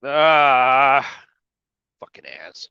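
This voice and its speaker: A man's voice: medium pitch, big pitch swings, very slow, vocal fry, pushed and bright, clean tone, no room sound, muffled recording. A man live-streaming from his truck cab, crying and sniffling as he talks emotionally, swearing and apologizing. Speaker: trucker livestreamer. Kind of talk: casual live-stream talk.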